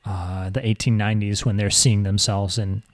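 Male podcast host, fairly low voice, halting explainer, dry mic. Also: little pitch movement, no room sound. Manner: halting, many restarts, explaining history. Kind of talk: casual chat.

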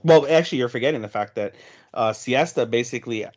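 A man's voice: mid-range voice, fast, a little mellow, lo-fi sound. A man co-hosting a podcast in casual chat, jumping in to correct plot details and recapping them in detail. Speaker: podcast co-host. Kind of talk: casual chat about an anime episode.

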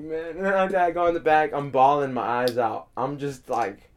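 A man's voice: a little high, moderate pace. A young man casually telling a long story, rambling with repeated words, frequent swearing and laughter. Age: young adult.

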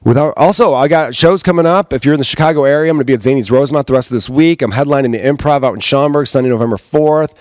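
A man's voice: mid-range voice, very fast, hardly any pauses, a little mellow, no room sound, clean studio sound. A man hosting his own podcast as a comedian, ranting casually and heatedly with plenty of swearing. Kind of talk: casual solo podcast rant.

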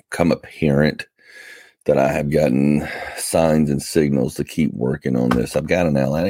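A man's voice: a bass voice, vocal fry, a little mellow, slightly rough, no echo. A tired man hosting a casual podcast, rambling and interrupting himself with wry asides. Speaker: podcast host. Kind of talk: casual chat. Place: Atlanta area.

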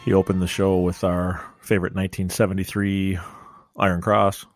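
Deep-voiced laid-back podcast host. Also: male voice, little pitch movement, moderate pace, faint music behind. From Minnesota. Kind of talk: casual chat.

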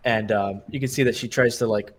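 A man narrating as game master while losing his voice, relaxed, with many fillers. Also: on the low side, fairly quick, a little hiss or hum.

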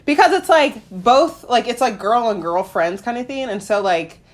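A woman co-hosting a podcast in casual chat, telling stories animatedly and acting out quotes in a high voice. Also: lively intonation, normal speed. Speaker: podcast co-host.

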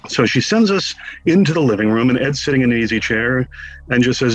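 A man with a slightly husky, mid-pitched voice, telling a long personal anecdote in a casual interview. He talks animatedly, acting out quoted lines with wry humor. Faint music plays in the background. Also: brisk, lo-fi sound. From Connecticut, USA. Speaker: interview guest.

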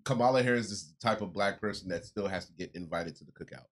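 A man's voice: low voice, fast. A man co-hosting a podcast in casual chat, speaking bluntly with plenty of profanity. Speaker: podcast co-host.

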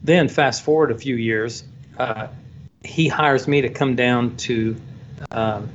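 A man working as a photographer, telling a story in a casual, animated way and acting out the voices of the people in it. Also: medium pitch, slow. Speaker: photographer guest. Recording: dull lo-fi sound, faint background noise.

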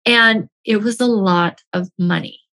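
A woman's voice: mid-range voice, a little slow, fairly bright tone. A woman telling a personal story as a motivational speaker, stressing her points by repeating key phrases.

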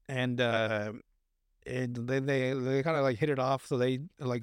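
A man's voice: mid-range voice, flat delivery, a little slow, smooth, no room sound, studio quality. A man casually recapping a film on a podcast, rambling, swearing often and acting out the characters' lines. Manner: rambling, profane, acts out quotes. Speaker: podcast co-host.

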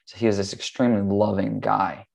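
A man's voice: fairly low pitch, little pitch movement, brisk, creaky, a little mellow. A man, a podcast guest, earnestly telling a long family story in a rambling way, with frequent ums. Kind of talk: casual storytelling.

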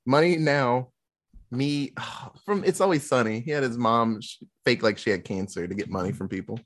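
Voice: medium pitch, fairly quick. A podcast host in casual movie-review chat who jokes, acts out quotes and swears freely.

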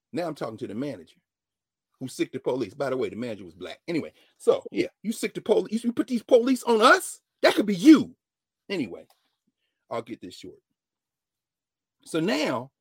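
A man, a professor telling a story in an animated lecture and acting out the dialogue. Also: moderate pace, long pauses, breathy edge, no echo, studio quality. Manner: dramatic, acts out dialogue, swings from low mutters to loud exclamations. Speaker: professor hosting a class-style show.

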